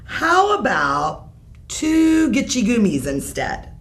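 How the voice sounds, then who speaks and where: A woman's voice: fairly high pitch, huge pitch swings, takes it slowly, pitched above the performer's own voice, heavily acted. A woman reading a bedtime story aloud, voicing a dramatic, stubborn young boy who whines and bargains over his toys. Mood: bargaining. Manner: whiny, dramatic, pleading.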